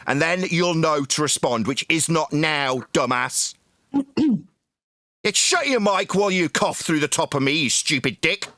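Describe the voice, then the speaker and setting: Guy screaming insults in a voice chat, lively high voice, bright sharp tone, dry sound. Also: a little slow, no echo. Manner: shouting, insulting, domineering. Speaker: debate stream host. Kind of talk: heated online debate.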